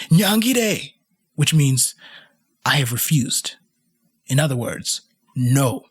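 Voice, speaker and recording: Male history podcaster; husky tone, lively delivery, chatty and wry. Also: mid-range voice. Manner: animated, wry, asides to listeners. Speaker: podcast host. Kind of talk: casual storytelling narration of history.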